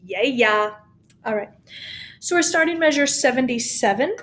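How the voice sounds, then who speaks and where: A woman's voice: a little high, expressive, moderate pace, a bit bright, slight background noise. A woman teaching a recorded choir lesson at home by her piano, patient and encouraging as she talks students through the score. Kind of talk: recorded music lesson, speaking and singing along. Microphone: camera mic.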